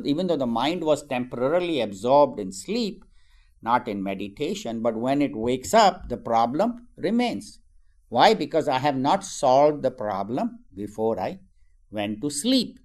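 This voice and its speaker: Man, spiritual teacher, relaxed conversational talk on meditation, "you know" asides, mid-pitched voice. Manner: conversational, frequent "you know" asides, acts out everyday quotes.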